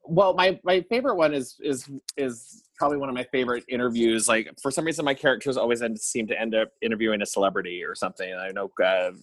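A comedy performer chatting casually and hesitantly, with frequent restarts. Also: male voice, mid-range voice, quick pace, hardly any pauses. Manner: hesitant, restarts, laughs easily. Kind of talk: casual chat.

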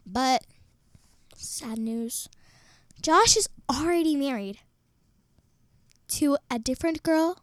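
A woman's voice: high voice, expressive, a little slow, long pauses, no echo, studio quality. A woman co-hosting a podcast, teasing in playful banter. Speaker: podcast co-host.

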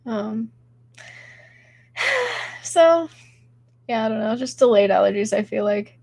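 A woman's voice: a little high, big pitch swings, slow pace, creaky, darkish tone, dry recording, studio quality. A young woman hosting a casual livestream podcast, chatting with her chat while sick and stuffy, with lots of giggles and filler words. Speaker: podcast host reading chat.

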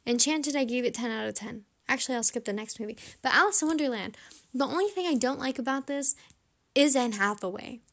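A woman's voice: fairly high pitch, animated, a little fast, fairly bright tone. A young woman rating movies in a chatty, blunt, self-mocking monologue.

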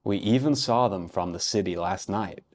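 A man's voice: low-pitched, normal speed, natural voice. A man voicing a self-assured American man at a bus stop, in an American accent. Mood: confident. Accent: American, put on.

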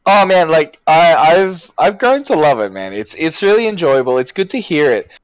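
A man chatting casually, his pitch swinging a lot as he talks. He restarts sentences and fills gaps with "like" and "man". The sound is dry and close. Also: normal speed, clear, resonant tone, dry recording. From Australia. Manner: animated, many fillers and restarts. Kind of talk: casual chat.

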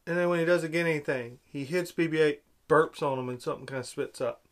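A man's voice: a little high, quick pace. Exasperated man ranting about a film. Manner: exasperated, sarcastic, animated swings in loudness. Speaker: film reviewer. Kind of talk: casual opinionated film rant.

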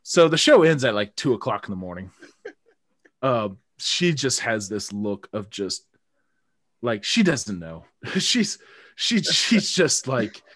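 A man telling a long story over a casual podcast, his pitch rising and falling with every beat. He laughs a lot and slips into voices for the people he quotes. The sound is close and dry. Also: slow pace, dry recording. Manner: animated, laughs often, mimics others in quotes.

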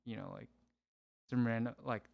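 Young guy guesting on a podcast, laid back, a little gravelly, kinda hesitant, short answers. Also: mid-range voice, steady tone, normal speed, phone-quality sound. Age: young adult. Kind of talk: casual chat.

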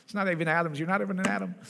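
Animated preacher man in a reverberant hall. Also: sits high, gravelly. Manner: animated, keeps checking in with the audience. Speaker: pastor. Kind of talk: conversational sermon to a congregation.

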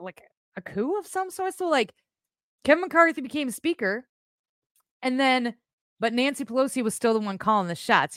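Blunt, animated woman hosting a live stream. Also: on the high side, dry recording, studio quality. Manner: animated, blunt, swears, rambling asides. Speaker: podcast host. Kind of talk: casual live-stream political chat.

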